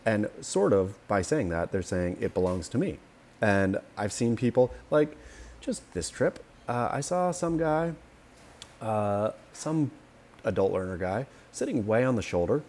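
A man co-hosting a podcast in casual chat, opinionated and animated, acting out quotes as he tells stories. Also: lowish voice, a little slow. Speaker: podcast co-host.

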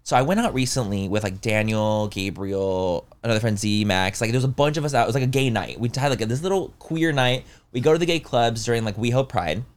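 A young man, a podcast co-host, telling a story in casual chat and acting out what others said in lively voices. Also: mid-range voice, fairly quick, few pauses, smooth.

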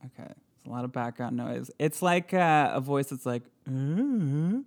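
A man's voice: mid-range voice, normal speed. A man co-hosting a casual podcast chat, playful and laughing often. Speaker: podcast co-host.

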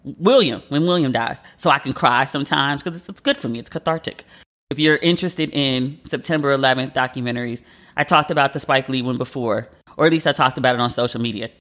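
A man's voice: medium pitch, fast talker, a bit bright. A man, a journalist, hosting a casual monologue podcast, chatty and emotional, filling his talk with "like". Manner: chatty and emotional, heavy use of "like".

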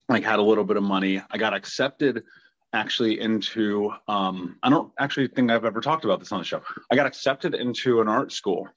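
Male podcast host, 30s, low voice, earnest, muffled dry recording. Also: a bit bright. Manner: earnest, heartfelt, occasional laughs. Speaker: podcast host, trauma healing coach. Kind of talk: personal reflective monologue.

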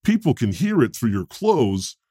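A man playing God, a chatty, joking deity, as co-host of an improv comedy podcast, telling stories in an animated way. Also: medium pitch, unhurried, husky, dry recording, studio quality.

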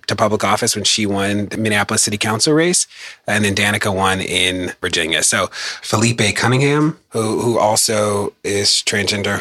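A man's voice: lowish voice, sharp tone, no room sound, clean studio sound. A man hosting a podcast, talking casually and upbeat with his co-hosts. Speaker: podcast host. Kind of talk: casual chat.

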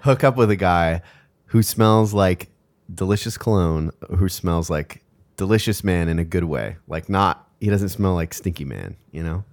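A man co-hosting a podcast in casual chat, playful and quick to laugh. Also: sits low, expressive, a little mellow, no room sound. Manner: playful, laughs often, mimics accents. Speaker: podcast co-host.

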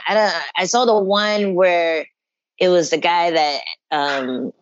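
Woman guest on a video call, lively storyteller who laughs a lot, lowish voice, dull dry sound. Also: slow pace, no room sound. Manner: laughs often, animated storytelling. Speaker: guest fighter and analyst. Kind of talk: casual online chat.

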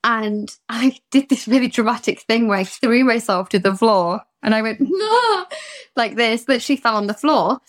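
A woman's voice: a little high, normal speed, hardly any pauses. A British woman who works as a therapist talks openly on a podcast. She tells personal stories in a candid, emotional way. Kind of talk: podcast conversation.

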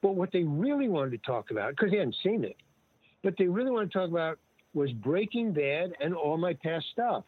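A man's voice: on the high side, very animated, moderate pace, breathy edge, dry recording. An older man, a guest actor and comedian, telling stories in a casual, rambling way and acting out the dialogue he quotes. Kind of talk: casual conversational storytelling. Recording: tinny dry phone-like line.

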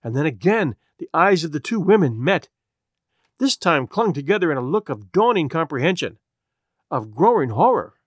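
Guy reading a story out loud, expressive, bit high pitched, dry close mic. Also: slightly rough, dry recording. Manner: measured, expressive narration. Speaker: narrator.

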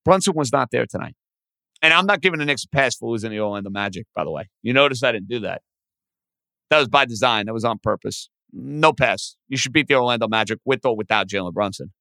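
A man's voice: medium pitch, lively intonation, fast talker, vocal fry, sharp tone, dry recording. A man hosting a sports talk podcast, giving opinions in an emphatic, conversational way.

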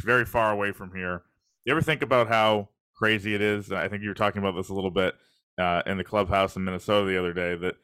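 Low, crisp, bright-voiced male podcast host. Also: no echo, clean studio sound. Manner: conversational, lightly joking questions. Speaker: podcast co-host, sports journalist. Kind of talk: casual podcast interview.

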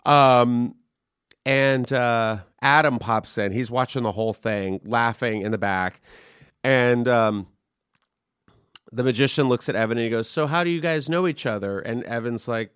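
A man hosting a podcast, telling a chatty, animated story in casual conversation. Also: medium pitch, unhurried, clear, resonant tone, no echo, studio quality. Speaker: podcast host. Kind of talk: casual chat.

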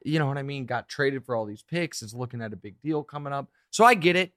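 Male podcast host, thirties, mid-range voice, dry close mic, animated storyteller. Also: medium pitch, no echo. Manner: animated storyteller, quick asides. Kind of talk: casual podcast chat.

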